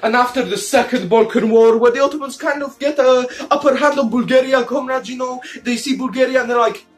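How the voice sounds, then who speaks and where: A man with an extremely high voice hosts a comedic history video as a mock commander, speaking a little fast over soft background music. He calls viewers "comrades" in nearly every line, swearing, joking crudely and dissolving into laughter and silly asides.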